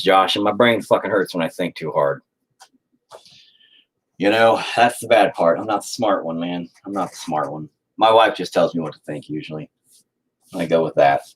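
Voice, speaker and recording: A man's voice: low-pitched, low-quality recording. A man chatting casually and profanely while painting on a livestream, rambling and joking. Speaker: streamer painting on camera.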